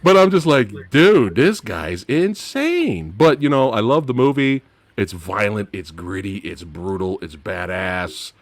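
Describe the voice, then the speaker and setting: A man hosting a casual movie-review chat, animated and laughing often, his voice dropping low at the end of phrases. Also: normal speed, dry recording. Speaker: podcast host.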